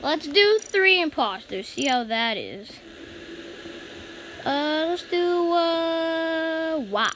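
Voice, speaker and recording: A woman giving casual gameplay commentary, chatting and reacting out loud to each round as the channel's host. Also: very high voice, expressive, very slow. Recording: noisy home recording.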